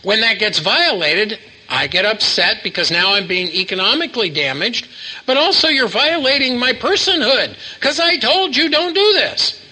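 A man delivers a sermon to a congregation in a room, his voice pitched high with a husky edge and a very bright, forward tone. He pulls the listeners in with questions and has them repeat short lines back to him. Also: animated, moderate pace, low-quality recording. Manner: preaches with call-and-response, asking the congregation to repeat. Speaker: preacher.

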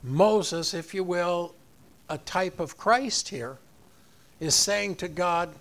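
A man preaching a sermon in an animated way, acting out the voices of the people in the story. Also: high voice, takes it slowly. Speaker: pastor.

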